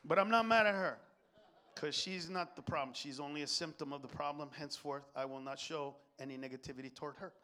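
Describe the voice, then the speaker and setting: A stand-up comedian who swears constantly and swings between loud outbursts and low muttered asides. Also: male voice, brisk. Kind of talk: stand-up routine.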